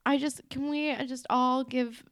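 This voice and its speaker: A woman's voice: sits high, level tone, measured pace, fairly bright tone, no echo, clean studio sound. A young woman co-hosting a podcast, chatting casually and enthusiastically, with emphatic swearing. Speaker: podcast co-host. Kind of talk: casual recap chat.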